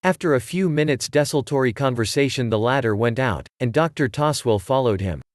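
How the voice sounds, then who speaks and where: A man narrating a story in a measured, scripted audiobook reading. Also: mid-range voice, animated, no echo, clean studio sound.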